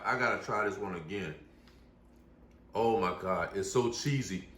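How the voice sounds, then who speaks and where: A man hosting a home cooking vlog, chatty and excitable as he talks through his dish. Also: fairly low pitch, unhurried, pauses often. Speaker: cooking channel host. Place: home kitchen. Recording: echoey room with faint noise.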